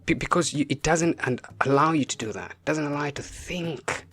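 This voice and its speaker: A man's voice: on the high side, a little fast, fairly bright tone. A man giving an impassioned spoken message as a spiritual teacher, repeating rhetorical questions. He is from Africa.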